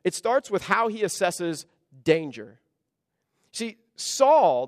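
A man preaching a sermon as pastor, earnest, with hushed asides and pressing emphasis. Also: sits high, no room sound, clean studio sound.

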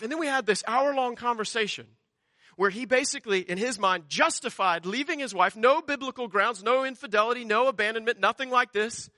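A man's voice: extremely high pitch, brisk, bright, forceful tone, no echo, clean studio sound. A man preaching a sermon, emphatic and full of rhetorical repetition. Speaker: pastor.

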